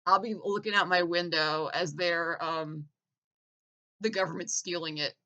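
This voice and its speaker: A woman's voice: fairly low pitch, fairly even intonation, a little slow, pushed and bright, lo-fi sound. A woman ranting in a vlog, sarcastic and mocking, swearing freely. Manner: sarcastic, mocking, profane, heated. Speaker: vlogger. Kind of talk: profane political rant.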